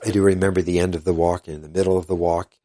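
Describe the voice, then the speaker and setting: An older man, a guest in an interview, earnestly retelling events in a halting way and quoting what others said. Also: deep voice, level tone, dark tone. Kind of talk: casual storytelling interview.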